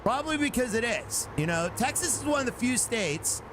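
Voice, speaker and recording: Streaming a truck driving game, a man chats casually with his chat as gameplay commentary, animated and joking, and breaks into silly snatches of song. His voice is very high-pitched and brisk, with background noise.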